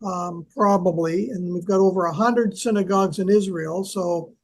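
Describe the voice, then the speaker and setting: A male scholar co-hosts a relaxed teaching talk. He explains at an easy pace, stopping often with fillers as he gathers his thoughts. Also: sits high, normal speed, a little hiss or hum. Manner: hesitant, lots of fillers, explanatory. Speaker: co-host, archaeology scholar. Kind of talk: casual educational discussion.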